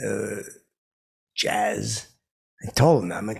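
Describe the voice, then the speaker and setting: A man's voice: on the low side, moderate pace, pauses often, a little mellow. A man hosting his own podcast, telling boastful comic stories in a meandering way with lots of fillers. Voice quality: gravelly, raspy. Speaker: podcast host. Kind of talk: rambling comic storytelling.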